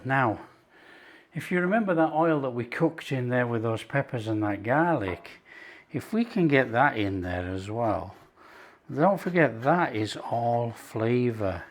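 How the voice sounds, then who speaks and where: A middle-aged man with a Yorkshire accent hosting a casual cooking video, enthusiastic and unhurried, praising the food as he goes. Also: mid-range voice, expressive. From Yorkshire, England. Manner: enthusiastic, unhurried, calls things superb. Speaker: cooking channel host.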